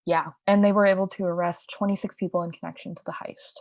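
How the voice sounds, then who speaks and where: A woman's voice: lowish voice, little pitch movement, fast talker, no echo, studio quality. Chatty woman telling a true-crime story. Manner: chatty, explains with asides and restarts. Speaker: podcast co-host. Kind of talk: casual storytelling chat.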